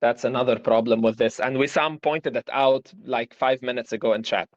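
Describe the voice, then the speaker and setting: A man's voice: medium pitch, moderate pace, no echo, muffled recording. A man lecturing on philosophy in a live-streamed discussion, explaining through examples and rhetorical questions.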